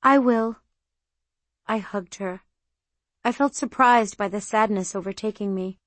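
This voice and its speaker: A woman narrating an audiobook in the first person, in an even, measured reading. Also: mid-range voice, no room sound. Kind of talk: scripted narration. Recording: very dry close studio sound.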